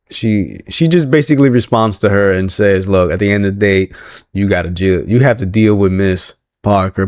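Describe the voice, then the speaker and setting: A man's voice: low-pitched, dry recording. A man hosting a casual wrestling recap, rambling with lots of fillers and chuckling asides.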